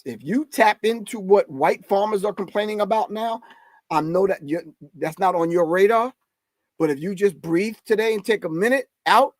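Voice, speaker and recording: High-voiced man preaching to his stream. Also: no echo. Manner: preachy, emphatic, addresses the audience as family. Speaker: host. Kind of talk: live stream commentary reading chat.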